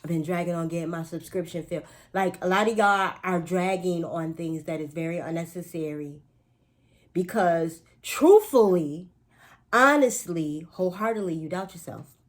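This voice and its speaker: A woman's voice: fairly low pitch, fairly even intonation, brisk. Chatty woman giving a spiritual pep talk. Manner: chatty, emphatic, playful asides and repetitions. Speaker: astrology and spiritual reader.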